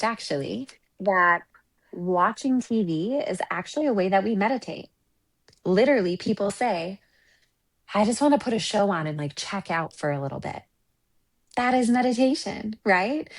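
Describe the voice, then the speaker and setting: Her voice is medium in pitch, animated, and moderately paced. A relationship coach and Reiki practitioner, she talks earnestly and reflectively in an interview, telling stories conversationally and often closing points with "right?".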